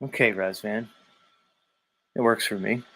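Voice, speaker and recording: A man's voice: lowish voice, measured pace, bright, forceful tone, husky. A man hosting a daily live stream, reading viewer comments aloud and teasing commenters by name in a rambling, casual way. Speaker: livestream host reading chat.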